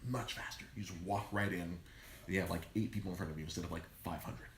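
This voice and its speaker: A man co-hosting a podcast, telling a long story in a loose, animated way, swearing constantly and acting out the people he quotes. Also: low voice, quick pace, echoey room, a little hiss or hum. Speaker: podcast co-host. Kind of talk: casual profane storytelling. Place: podcast studio in a comic shop.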